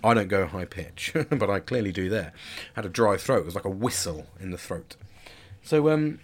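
A man's voice: low-pitched, animated, moderate pace. A man in his forties talking candidly in a rambling personal monologue, with frequent restarts and casual swearing. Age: 40s.

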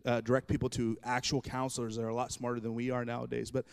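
A man's voice: medium pitch, monotone, fast, gravelly, clear, resonant tone. A man in his thirties preaching a humorous sermon, telling stories from his own marriage with self-deprecating jokes. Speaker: pastor.

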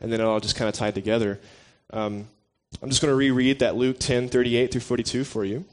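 A man giving a casual, conversational sermon, relaxed and joking with his listeners. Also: medium pitch, a little fast. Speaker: preacher.

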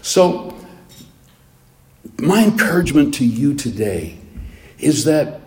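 A man preaching a sermon, telling stories in an animated way and speaking straight to his listeners. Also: on the high side, slow, roomy sound.

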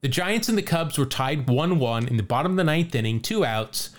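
A man hosting a podcast, telling a story in casual chat, animated and laughing often as he reads out quotes. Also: fairly high pitch, fairly quick. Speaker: podcast host.

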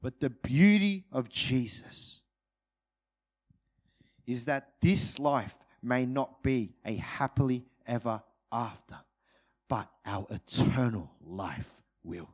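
A man preaching a sermon to his congregation, moving between urgent, loud peaks and hushed, drawn-out phrases. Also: expressive. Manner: dynamic, swings from loud urgent peaks to hushed low delivery.

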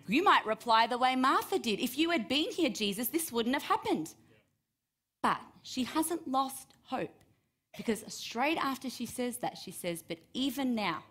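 Woman preacher retelling scripture expressively. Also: on the high side. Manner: expressive, acts out quoted voices with rising emphasis. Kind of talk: sermon reading and retelling scripture.

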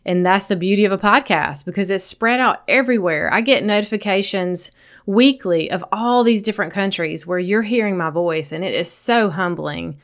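Smooth-voiced Southern woman podcast host. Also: medium pitch, normal speed. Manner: earnest, encouraging, speaks directly to listeners. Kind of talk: solo podcast monologue.

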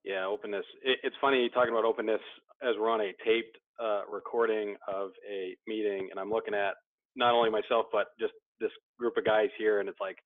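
Man, candid recovery share, low voice, phone-like sound. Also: steady tone, a little fast, dry recording. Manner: candid, searching, restarts often. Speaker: support group member. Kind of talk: sharing in a recovery meeting. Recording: dry tinny phone-like sound.

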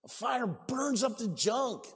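A man preaching a sermon as pastor, excitable, breaking into shouts and laughter. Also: extremely high pitch, slow pace, breathy edge, big-room sound. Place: church sanctuary.

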